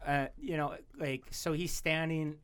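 A man's voice: on the high side, fairly even intonation, a little slow, a bit bright, clear, resonant tone. Profane rambling man telling stories. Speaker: podcast co-host. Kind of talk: casual podcast chat.

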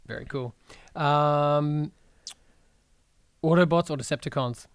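A man hosting a podcast, asking quick questions in a relaxed way and swearing casually. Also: a little high, clear, resonant tone, no room sound, clean studio sound. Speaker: podcast host. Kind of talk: casual interview chat.

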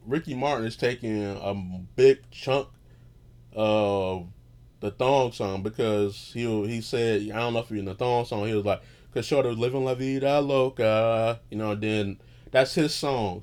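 A man's voice: mid-range voice, a little mellow. A man hosting his own show, talking in a loose, profane, meandering monologue that keeps losing its thread, recorded while lying in bed at home. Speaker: podcast host. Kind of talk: casual rambling monologue.

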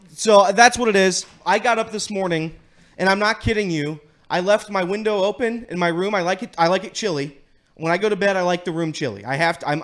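High-voiced joking weather guy. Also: a bit bright. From Cincinnati area. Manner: rambling, self-mocking jokes. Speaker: weather segment host. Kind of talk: comedic weather bit.

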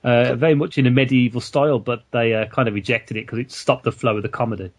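A man's voice: mid-range voice, fairly even intonation, quick pace. Hesitant man chatting. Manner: hesitant, lots of uhs. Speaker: podcast guest. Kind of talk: casual chat.

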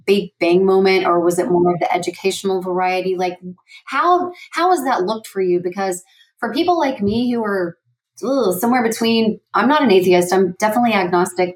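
A woman's voice: on the low side, low-quality recording. A woman hosting a podcast, asking curious, musing questions with frequent fillers. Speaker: podcast host. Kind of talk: interview.

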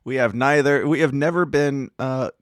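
An easygoing man trading jokes as co-host of a news podcast, with a mid-pitched voice. He is wry and laughs readily. The sound is dry with no room around it. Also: moderate pace, no echo. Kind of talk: casual chat.

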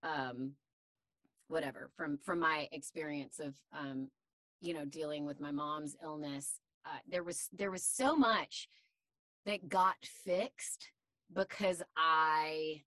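A woman from Tennessee who works in voiceover talks unhurriedly as a podcast guest, circling back and restarting her thoughts. Her voice is bright and fairly low for a woman. The recording is close and dry. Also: fairly even intonation, slow, dry recording. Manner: rambling, full of fillers and restarts. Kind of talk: casual conversational interview.

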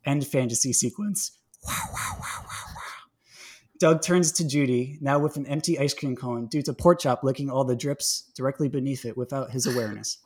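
A man's voice: mid-range voice, fairly quick, few pauses, a little mellow, slightly rough. A man hosting a podcast, narrating a comic fan story in a playful, laughing, casual way.

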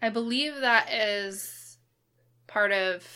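A woman's voice: medium pitch, takes it slowly, pushed and bright, clean tone. A woman co-hosting a podcast in casual chat, thinking aloud in a conversational way. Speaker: podcast co-host.

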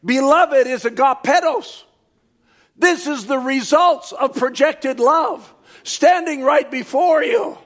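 A man preaching a sermon, reading quotations aloud and commenting on them, rising to shouts on key points. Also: very high-pitched, slow.

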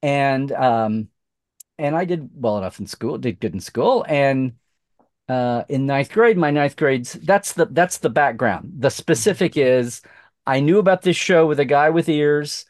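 A middle-aged man from Oklahoma tells a story in a casual podcast chat. He is animated, jumps between quoted voices and restarts his sentences often. His voice sits mid-pitch in a dry, close recording. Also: unhurried, no echo. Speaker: podcast guest.

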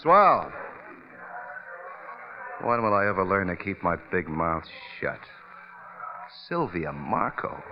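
A man's voice: sits low, full character voice. An actor playing a wisecracking young burlesque comedian who narrates his own story, in 1950s radio drama acting. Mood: brash. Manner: fast, slangy, lively narration and banter. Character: brash wisecracking burlesque comic, young man. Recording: dull old radio broadcast with music.

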